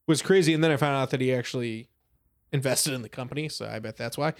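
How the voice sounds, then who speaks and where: A man in casual podcast chat, an excitable storyteller who laughs a lot and acts out what others said. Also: mid-range voice, quick pace.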